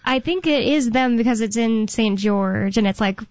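Casting: chatty radio co-host woman, higher voice, dry muffled studio sound. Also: a little mellow, dry recording. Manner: giggly, chatty, reads news aloud haltingly. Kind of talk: casual on-air chat.

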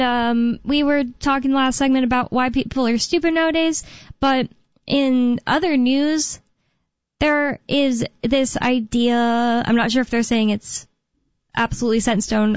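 A young woman co-hosts a call-in radio show in a fairly high voice, rambling through her thoughts with fillers and restarts. The studio sound is dry and close, a little dull on top. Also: dry recording. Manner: rambling, filler-heavy, self-correcting. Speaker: radio co-host. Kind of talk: casual talk radio chat.

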